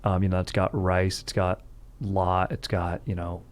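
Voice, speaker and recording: A man's voice: deep voice, level tone, unhurried, clear, resonant tone. A man hosting a casual sports podcast, rambling and joking, often breaking into laughter. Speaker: podcast host.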